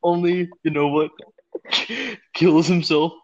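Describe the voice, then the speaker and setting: A man's voice: on the high side, little pitch movement, slow pace, a little mellow, muffled recording, slight background noise. A man co-hosting a podcast in casual chat, laughing often as he retells a comedy bit and acts out the quotes. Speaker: podcast co-host.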